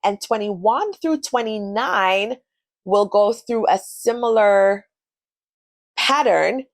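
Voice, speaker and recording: A woman's voice: mid-range voice, animated, slow, no room sound. A woman teaching a beginner Spanish lesson, spelling words out letter by letter and modeling pronunciation for the listener to repeat. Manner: switches between English and Spanish, modeling pronunciation. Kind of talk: scripted language lesson.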